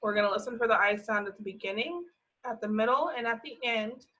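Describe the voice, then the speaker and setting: A woman teaching a remote phonics lesson to young children, stretching out each word slowly as she sounds it. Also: fairly high pitch, sharp tone. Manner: slow, drawn-out sounding of words. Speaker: preschool teacher. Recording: slightly dull lo-fi audio.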